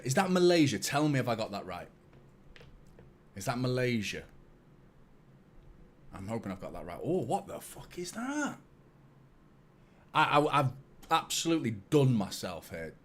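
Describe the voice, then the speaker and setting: A young man hosting a fan live stream, chatting casually with viewers, swearing freely and mocking himself. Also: mid-range voice. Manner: casual, swears a lot, self-mocking banter with chat. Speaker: fan channel host. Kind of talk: live-stream watchalong chat.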